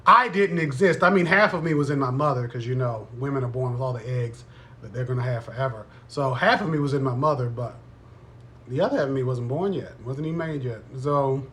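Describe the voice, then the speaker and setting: A man's voice: medium pitch, brisk, fairly bright tone. Man, 30s, live-stream host, playful and chatty, mid-range voice, faint noise behind. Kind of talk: casual live-stream chat.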